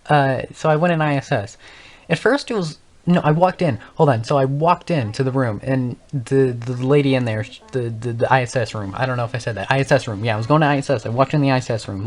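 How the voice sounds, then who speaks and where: A teenage boy talks through a casual storytelling monologue for his gaming channel. His voice sits at a middle pitch. He rambles, backtracks and corrects himself, with laughs dropped in between. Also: fast. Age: young teens.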